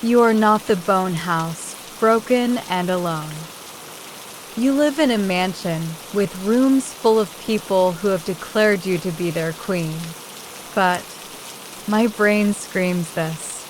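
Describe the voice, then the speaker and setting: A woman reading a first-person children's novel aloud as an audiobook narrator, in a slow, measured way. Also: medium pitch, slight background noise, low-quality recording.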